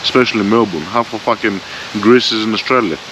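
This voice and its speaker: A man's voice: fairly low pitch, a little fast. A man in his forties ranting bluntly and profanely in a rambling motorbike vlog, recorded outdoors on a bike-mounted camera. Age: 40s. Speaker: motorbike vlogger. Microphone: bike-mounted front camera. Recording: dull lo-fi sound, faint vehicle noise.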